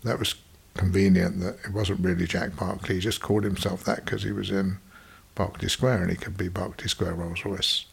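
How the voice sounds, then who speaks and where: A man's voice: lowish voice, gravelly, breathy edge. An older man telling stories from his past in a digressive, wry way, as a podcast host reminiscing. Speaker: podcast storyteller recalling his business past. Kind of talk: reminiscing monologue.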